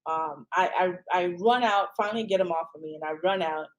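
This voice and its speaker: A woman hosting a podcast in casual chat, an animated storyteller who keeps asking "right?" and jumps high in pitch when quoting people. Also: a little fast, rough recording. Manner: frequent "um" and "right?". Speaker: podcast host.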